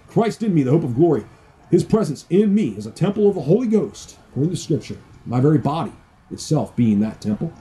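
A man's voice: a little high, warm tone, slightly rough. A man preaching his personal testimony with fervor, quoting scripture in old-fashioned wording. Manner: fervent, preachy, quotes scripture in King James wording. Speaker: evangelist giving testimony.

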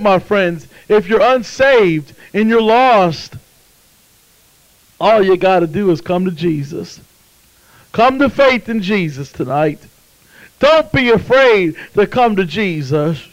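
A man with a high-sitting voice preaches a sermon, first telling a story and then fervently pleading with listeners to come to faith in an altar call. The audio quality is poor.

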